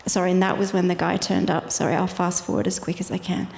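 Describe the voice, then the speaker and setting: A woman's voice: lowish voice, level tone, quick pace, creaky, a little mellow. Irish woman telling a story in an echoey hall. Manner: vivid, laughs easily while telling. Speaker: guest sharing her testimony. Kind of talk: personal storytelling. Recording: echoey hall with faint noise.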